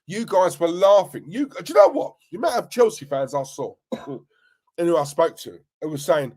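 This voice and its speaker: A middle-aged man, hosting a live football fan stream in an animated, slangy rant. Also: a little high, normal speed. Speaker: fan channel host.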